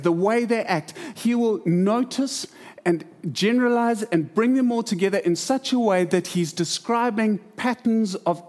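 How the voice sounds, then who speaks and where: This is a sermon with storytelling from a middle-aged pastor, who narrates animatedly. His delivery often jumps both in pitch and in speed.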